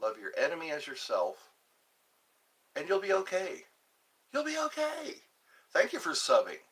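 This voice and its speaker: A man's voice: fairly high pitch, big pitch swings, normal speed, a bit bright. Rambling man hosting a live stream. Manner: rambling, joking, mock cries and meows.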